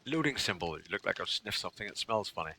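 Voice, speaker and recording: A man's voice: lowish voice, expressive, fast, gravelly, background noise. A man streaming a game live, reading chat aloud, thanking followers and joking with viewers.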